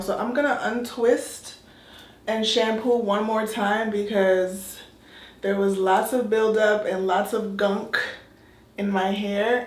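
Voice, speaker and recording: A woman chatting casually through her hair-washing routine as a vlogger, candid and relaxed. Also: medium pitch, roomy sound. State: out of breath. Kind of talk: casual vlog talk. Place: bathroom shower.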